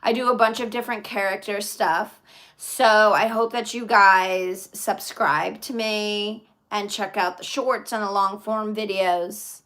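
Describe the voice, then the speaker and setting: A woman's voice: medium pitch, steady tone, unhurried, a bit bright. A woman live streaming in casual chat, reading viewer comments aloud and answering them in a chatty way.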